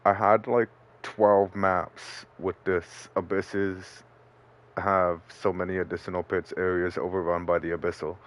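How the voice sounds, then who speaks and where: A man streaming a game, chatting casually and loosely explaining his play with a lot of fillers. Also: deep voice. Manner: laid-back, rambling, with fillers. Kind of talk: casual gameplay commentary.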